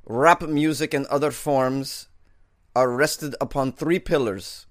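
A man putting on a Russian accent to play a stern, gravely disapproving older male Russian leader, speaking slowly in a weighty, mock-solemn way. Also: medium pitch, dry recording, clean studio sound, close to an everyday voice. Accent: put-on Russian.

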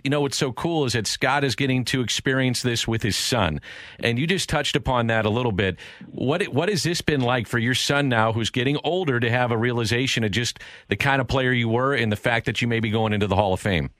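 A man's voice: medium pitch, a little fast, a bit bright, dry recording. A male radio host asking long, enthusiastic questions with some fillers. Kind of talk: radio interview.

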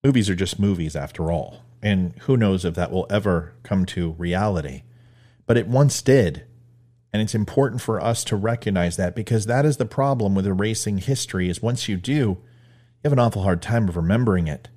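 A man with a lowish voice hosts a commentary show, delivering punchy, preachy lines. His pitch rises and falls widely as he hammers each point home. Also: expressive, fairly quick, warm tone. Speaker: host. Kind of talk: opinionated commentary monologue.

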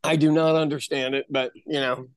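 Irish male podcast co-host, high voice, dry close mic, chatty storyteller. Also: flat delivery, moderate pace, smooth, no room sound. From Ireland. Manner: storytelling, laughs often. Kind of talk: casual chat.

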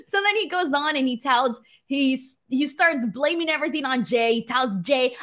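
Animated woman hosting a wrestling post-show. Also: sits high, normal speed, hardly any pauses. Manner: animated, excitable, laughs often, swears casually. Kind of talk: casual solo commentary reading live chat.

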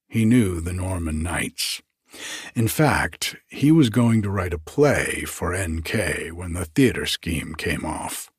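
A man narrating a literary story in a measured, expressive storytelling manner. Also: low-pitched, breathy edge, dry recording, clean studio sound. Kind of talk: scripted narration.

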